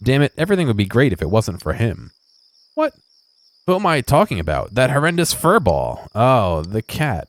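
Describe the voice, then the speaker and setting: A man's voice: medium pitch, wildly swooping pitch, normal speed, dry recording, voice pushed up. A man voicing a jittery grown man who is terrified of cats, reading him in a panicky, melodramatic way.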